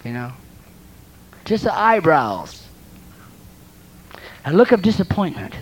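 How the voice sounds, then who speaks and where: A woman's voice: lowish voice, big pitch swings, takes it slowly, husky, muffled recording. A woman preaching a sermon, exhorting her listeners and often repeating words as she restarts.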